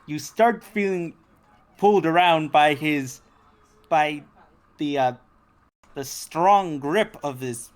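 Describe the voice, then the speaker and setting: A woman narrating as game master for a tabletop game, slow and halting with many restarts. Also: low-pitched.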